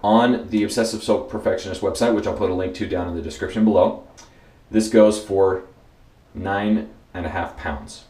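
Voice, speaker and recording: A man's voice: fairly low pitch, fairly even intonation, brisk, dark tone. A man hosting a casual product review, easygoing and repeating words for emphasis, with frequent fillers. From United States. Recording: roomy echoey room.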